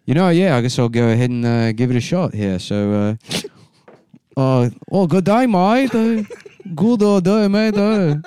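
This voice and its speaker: A man voicing a bumbling male contestant who blurts catchphrases in a silly put-on accent, loud and halting. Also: mid-range voice, sing-song, clear, resonant tone. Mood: goofy. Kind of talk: comedy podcast bit.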